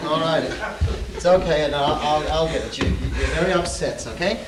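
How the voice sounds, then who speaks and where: A man's voice: fairly high pitch, a little fast, reverberant, natural voice. A man playing a hesitant, soothing husband on stage. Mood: placating. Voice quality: hesitant, stammering, reassuring. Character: Mel, weary, soothing middle-aged husband. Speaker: stage actor. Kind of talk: amateur stage play. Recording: distant stage sound with audible hiss.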